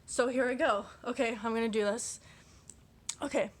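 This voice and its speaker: A woman with a fairly high voice chats casually to camera, reading quotes aloud and reacting to them. She rambles and restarts her sentences often. She scatters fillers and laughs at her own slips. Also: fairly even intonation, normal speed. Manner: chatty and rambling, full of "like" and restarts; giggly and self-deprecating. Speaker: vlogger.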